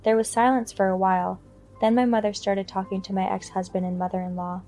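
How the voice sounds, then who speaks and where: A woman narrating a first-person story in an even, matter-of-fact way, over faint music. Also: medium pitch, brisk.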